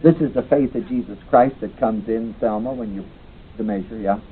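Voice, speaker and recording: A man's voice: on the low side, a little fast, a little hiss or hum. A man teaching a Bible class, reading verses aloud and quizzing his class, on a tinny old tape recording. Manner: reads scripture aloud, then asks the class questions.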